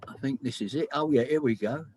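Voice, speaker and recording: A man's voice: medium pitch, quick pace, darkish tone. A man in casual chat on a video call, explaining things eagerly as a musician sharing songs.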